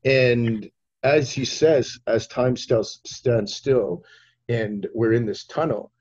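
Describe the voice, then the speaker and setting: A man hosting a podcast, telling a story with animated energy and acting out the voices in it. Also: mid-range voice, slow, dull audio, slight background noise. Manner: expressive, acts out voices in his anecdotes. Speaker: podcast host.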